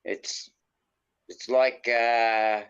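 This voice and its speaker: A man's voice: mid-range voice, fairly even intonation, drawn-out words, smooth. A man with a New Zealand accent telling a rambling story in casual chat, full of mild swearing. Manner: rambling, peppers speech with "bloody". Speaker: panel guest. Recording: dull lo-fi audio.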